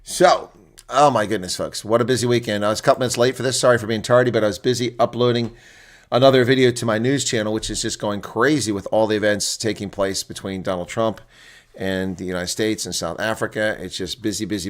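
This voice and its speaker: A man hosting live rugby reaction commentary, reading out team lineups and chatting bluntly with viewers. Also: lowish voice. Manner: chatty, blunt, exclaims often.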